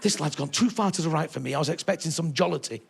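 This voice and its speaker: A man's voice: a little high, quick pace, vocal fry, noisy background, voice pushed down. A man voicing a prim older woman at the theatre, scandalised and tutting as she gossips to her friend.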